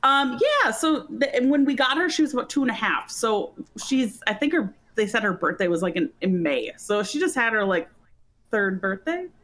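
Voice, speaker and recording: Woman, lively swooping pitch, giggly, easygoing guest, video call. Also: moderate pace. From Minnesota. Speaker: podcast guest. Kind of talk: casual chat.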